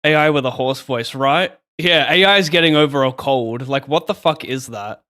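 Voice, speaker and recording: A man's voice: medium pitch, moderate pace, bright, forceful tone. A young man streaming poker, chatting casually, swearing and joking at his own expense. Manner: swearing, joking, self-mocking. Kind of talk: casual live-stream commentary.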